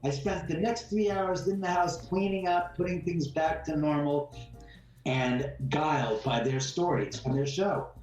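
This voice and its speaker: A man's voice: fairly high pitch, unhurried. A man, a homeowner guest in an interview, telling a story bluntly and acting out what people said. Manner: blunt, animated storyteller who acts out quotes. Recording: roomy, distant mic with faint music.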